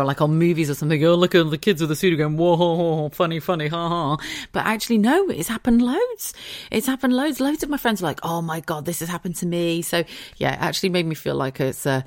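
A low-pitched British woman in her thirties hosts a casual solo podcast. She tells her story in a loose, chatty way, swears freely and laughs easily. The sound is dry, with no room echo. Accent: British English. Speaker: podcast host.

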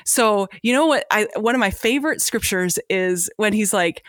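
A woman's voice: mid-range voice, moderate pace, fairly bright tone, no room sound. Earnest woman guest on a podcast. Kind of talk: casual faith podcast chat.

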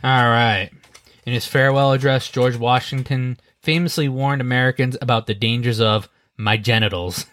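A laid-back man co-hosting a podcast, reading party-game cards aloud and laughing between them. His voice sits at an ordinary male pitch, with casual, lightly profane remarks. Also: fairly even intonation, moderate pace, fairly bright tone. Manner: reads cards aloud, laughs, mild swearing. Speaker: podcast co-host running the game. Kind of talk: casual chat during a card game.

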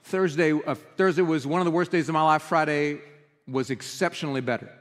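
A man's voice: on the high side, steady tone, fairly quick. A man preaching a sermon as pastor, earnest and emotional in his delivery. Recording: reverberant hall.

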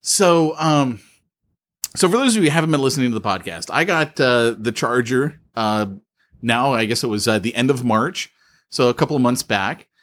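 A man's voice: mid-range voice, animated, moderate pace, fairly bright tone. A man co-hosting a podcast, chatting casually and telling stories with frequent laughs over a remote call. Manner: chatty, laughs often, storytelling. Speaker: podcast co-host.

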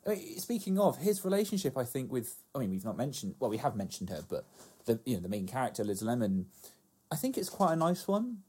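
A man chatting casually about a TV series, agreeable and quick to laugh. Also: medium pitch, very animated, a little mellow, breathy edge. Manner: agreeable, laughs often, trails into asides. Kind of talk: casual chat about a TV show.

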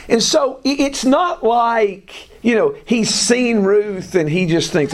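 A man with a high voice leads a Bible class at an unhurried pace. He talks casually, thinks aloud and repeats his key points to let them sink in. He often stops to put questions to the people listening. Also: big pitch swings, gravelly. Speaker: Bible study teacher.

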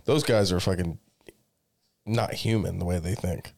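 A man in his thirties chatting casually on a podcast, telling animated stories and swearing constantly. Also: deep voice, measured pace, vocal fry. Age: 30s. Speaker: podcast co-host. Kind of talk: casual chat.

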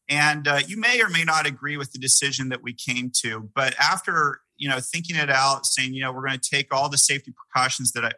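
A man's voice: mid-range voice, sharp tone, dry recording, low-quality recording. A middle-aged man, a pastor, preaching a sermon in an earnest, conversational way with many fillers and restarts. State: sick with a mild cough.

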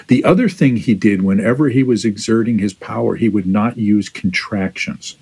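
Deep, husky man musing reflectively. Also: moderate pace, a little mellow. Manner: reflective, checks in with "right?". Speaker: podcast guest. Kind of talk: casual film discussion.

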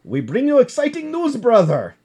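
A man's voice: very high voice, huge pitch swings, normal speed, a little mellow, breathy edge, voice pushed up, heavily acted. Man putting on a hulking friendly Russian-accented brother. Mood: eager.

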